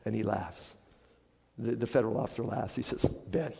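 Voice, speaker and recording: A man preaching a sermon as a pastor, swinging from hushed, quiet passages up to loud, emphatic declarations. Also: fairly low pitch, steady tone, brisk, vocal fry, slight background noise. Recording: long hall reverb.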